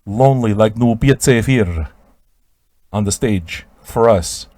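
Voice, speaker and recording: A man hosting a radio show, telling an improvised absurd comic story in a rambling, stammering way with sudden shouted outbursts. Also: on the low side, takes it slowly, no echo, studio quality.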